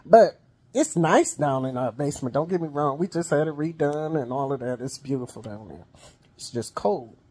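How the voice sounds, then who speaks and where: A middle-aged woman vlogs in a chatty, storytelling way, with a low, expressive, warm voice that has a breathy edge and moves at normal speed. She wheezes and coughs as she talks and calls her viewers honey and y'all in this casual storytelling vlog.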